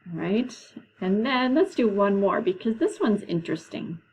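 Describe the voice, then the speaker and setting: A woman teacher leading a classroom lesson, explaining patiently and slowly, with frequent "okay"s. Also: mid-range voice, big pitch swings, darkish tone, slightly rough, rough recording. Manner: slow, patient, drawn-out explanations.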